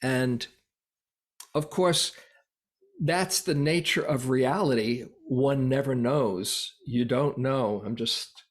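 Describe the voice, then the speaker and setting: This Buddhist dharma talk comes from a male meditation teacher with a mid-range voice. He speaks reflectively and without hurry, stopping often and filling gaps softly.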